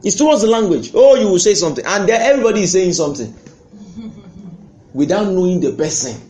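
A man preaching a sermon with fervour, swinging between loud outbursts and hushed asides. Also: high voice, lively intonation, brisk. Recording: echoey room.

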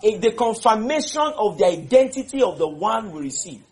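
A man's voice: high voice, animated, a little fast, a little hiss or hum. A man leading a Bible study, repeating verses and quizzing his listeners. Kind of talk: interactive Bible teaching.

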